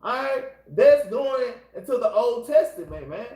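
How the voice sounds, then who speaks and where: This Bible class teacher has an extremely high, sing-song voice, a little mellow and unhurried. He runs a laid-back scripture class, urging his listeners on and leaning repeatedly on one filler form of address. The audio is reverberant and poor.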